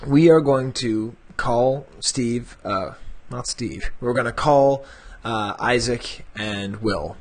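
A man's voice: mid-range voice, takes it slowly, hardly any pauses. A man hosting a collectors' podcast, chatting in a rambling, self-deprecating way. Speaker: podcast host. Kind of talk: casual podcast chat.

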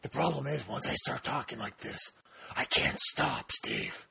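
A man voicing a gruff, growling male caped crusader, as a joking impression during a casual podcast chat, with a low gravelly rasp. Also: huge pitch swings, measured pace, heavy background noise, exaggerated voice. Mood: mock-gruff. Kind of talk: comedic impression.

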